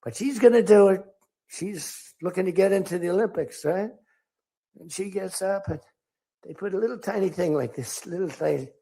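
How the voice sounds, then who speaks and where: A man's voice: high voice, normal speed, vocal fry, mellow. An older man giving a rambling, off-script speech to a crowd, telling stories and acting out quoted lines in other voices. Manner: storytelling, acts out quotes in different voices. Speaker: political speaker.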